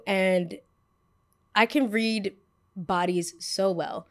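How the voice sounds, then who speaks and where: This voice belongs to a young woman in her twenties who hosts a podcast and tells a story in loose, chatty fashion. She is animated and sassy, and she acts out what she said back then as she goes. Her pitch is in the middle range. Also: moderate pace. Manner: animated and sassy, acting out her own past lines. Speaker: podcast host. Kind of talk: storytelling in casual chat.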